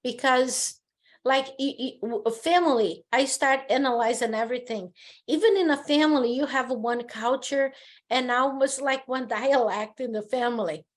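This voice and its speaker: A woman's voice: high voice, moderate pace. A middle-aged woman with a Brazilian Portuguese accent, Portuguese her first language, telling personal stories as a podcast guest in casual conversation. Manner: storytelling, animated personal anecdotes.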